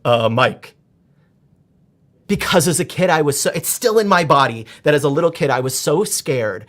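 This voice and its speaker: Expressive man in his forties, fairly high voice. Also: brisk. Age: 40s. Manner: animated, expressive storyteller with frequent restarts. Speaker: guest, performance coach. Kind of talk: conversational podcast interview.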